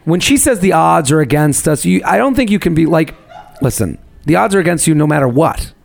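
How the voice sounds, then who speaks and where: A man's voice: fairly high pitch, animated, fairly quick, creaky. A man co-hosting a podcast in casual chat, talking bluntly with some swearing and frequent restarts. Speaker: podcast co-host.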